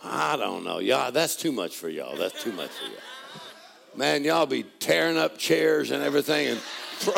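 An older man preaching a sermon, joking folksily and building to shouted praise. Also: medium pitch, expressive, moderate pace, gravelly. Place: church hall. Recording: live church audio with crowd. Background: congregation laughing and responding.

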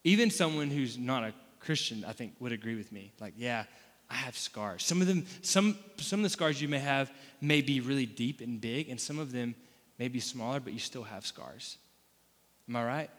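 A man's voice: medium pitch, normal speed, fairly bright tone. A man from Florida preaching a sermon in a casual, conversational way, with asides and rhetorical questions to the room. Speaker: pastor. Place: church hall. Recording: long hall reverb.

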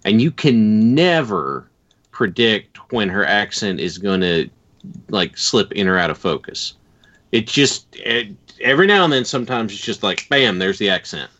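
A man co-hosting a podcast, talking casually in a measured, hesitant, explanatory way. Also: lowish voice, very animated, bright, forceful tone. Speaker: podcast co-host. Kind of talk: casual chat. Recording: dull lo-fi sound.

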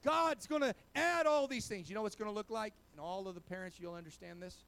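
A man, a pastor, preaching a sermon. He peppers his talk with amen and praise God, and swings from quiet asides to loud exhortation. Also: high-pitched, fast talker, gravelly, smooth.

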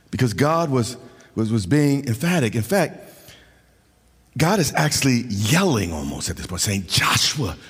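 A man preaching a sermon in a chanting, sing-song cadence that swells into shouts. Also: mid-range voice, slightly rough, big-room sound.

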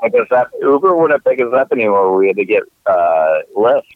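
A man's voice: fairly low pitch, animated, fairly quick, no room sound. Man on a tinny phone-like line. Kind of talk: casual chat.

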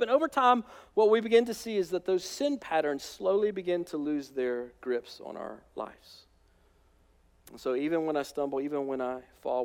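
A man preaching a sermon as pastor, animated, swinging between loud emphatic peaks and hushed asides. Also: medium pitch, creaky, in a large hall.

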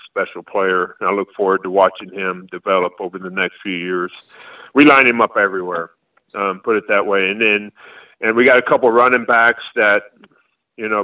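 A Florida high school football coach in his forties answers interview questions, rambling and restarting haltingly. He sounds far from the mic, and the audio is dull.

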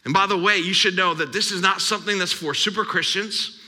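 A man's voice: sits high, fairly even intonation, brisk, sharp tone. A man in his thirties preaching a sermon as pastor, emphatic and repetitive. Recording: long hall reverb.

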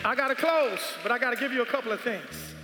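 A man preaching a sermon, emphatic and repetitive, calling for responses and rising to shouts. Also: very high-pitched, lively intonation, quick pace. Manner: rises to shouts at peaks. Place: large church hall. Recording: echoey hall with music behind. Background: music.

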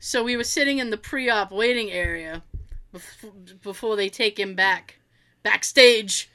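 Bright-voiced woman telling stories casually. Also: medium pitch, unhurried. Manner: animated, swears freely, acts out family members' lines. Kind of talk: casual storytelling chat.

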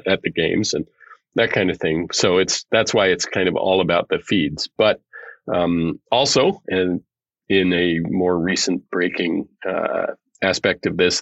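Low gravelly man, husky and dry. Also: a bit bright, no echo, highs cut off. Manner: dry joking asides in explanations. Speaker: security analyst guest. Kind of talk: casual podcast chat.

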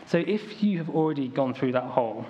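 A man's voice: mid-range voice, animated, a little fast, mellow. A young man from the United Kingdom preaching a sermon to a church congregation in a casual, storytelling way, full of ums and likes. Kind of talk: conversational sermon. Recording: dull lo-fi recording, faint ambient noise.

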